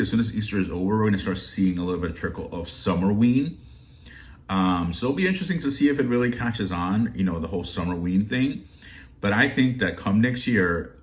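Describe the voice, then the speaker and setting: A man chatting casually and ramblingly to his viewers as a shopping deals vlogger. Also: fairly low pitch. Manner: chatty and rambling, warm greetings.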